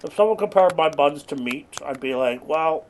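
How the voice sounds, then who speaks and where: A young man giving rambling, absurd deadpan commentary while playing a video game. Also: on the high side, moderate pace, a little hiss or hum. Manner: rambling deadpan non-sequitur jokes. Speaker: gaming streamer. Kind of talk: absurd comedic gameplay commentary.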